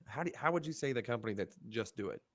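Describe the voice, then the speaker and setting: A man's voice: medium pitch, expressive, fast, no room sound, clean studio sound. A middle-aged man co-hosting a podcast, telling a story with lots of swearing and animation. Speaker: podcast co-host. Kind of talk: casual podcast chat.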